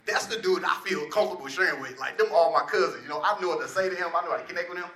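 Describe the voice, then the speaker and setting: Guy telling a story to a crowd, animated and slangy, bright higher voice, echoey room. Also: rapid-fire. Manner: animated, conversational, slangy, addresses the crowd as y'all. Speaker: speaker sharing a personal testimony. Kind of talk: storytelling testimony to a live audience. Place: room with a live audience. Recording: echoey room, faint noise.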